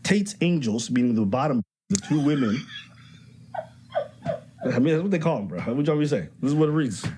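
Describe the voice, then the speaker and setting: A man's voice: mid-range voice, expressive, a little fast, pauses often, background noise. A man giving blunt, profane commentary in a casual podcast chat.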